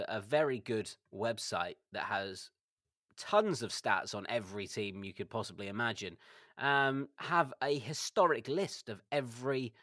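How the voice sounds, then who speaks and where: A man's voice: medium pitch, fairly bright tone, no room sound, studio quality. A man co-hosting a football podcast, thoughtful and hesitant, full of fillers. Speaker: podcast co-host. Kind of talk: casual chat.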